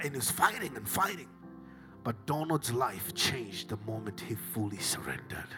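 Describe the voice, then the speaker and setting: A middle-aged man with a Southern African accent preaches a sermon. His voice is bright and forceful, and he moves between near-whispers and shouted peaks. Soft music plays faintly behind him. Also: mid-range voice, lively intonation, normal speed. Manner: swings from hushed whispers to shouted climaxes. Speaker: pastor.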